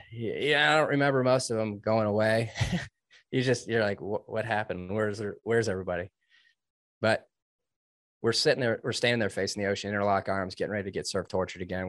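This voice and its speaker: Earnest low-voiced man telling a story. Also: fairly bright tone, dry recording. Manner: earnest, emotional, with restarts and laughs. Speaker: interview guest, former Navy SEAL trainee. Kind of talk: storytelling in a conversational interview.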